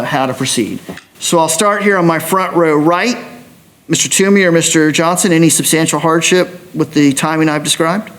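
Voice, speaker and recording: A man serving as a judge in a courtroom, explaining jury duty to prospective jurors in a measured, explanatory manner. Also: fairly high pitch.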